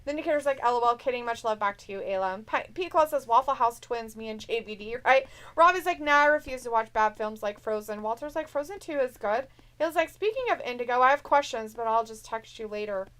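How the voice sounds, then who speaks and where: A woman's voice: on the high side, expressive, fast, a bit bright. A woman co-hosting a live stream, chatting casually and reading viewer messages aloud in a teasing, jokey way.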